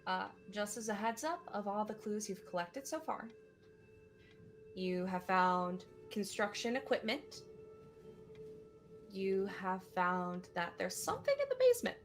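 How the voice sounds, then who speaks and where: Woman GM, slow and bright, narrating with lots of "uh"s, faint music underneath. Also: mid-range voice, very animated. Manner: unhurried, filler-heavy narration. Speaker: game master. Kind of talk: narrating a tabletop game.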